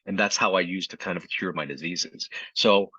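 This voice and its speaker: A middle-aged man from Vietnam speaks as a podcast guest in an earnest, reflective voice, fairly low and husky yet bright and forceful. The recording is dry and slightly dull, with a lo-fi edge. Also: normal speed, dry recording. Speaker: guest, physician. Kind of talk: personal story in a podcast interview.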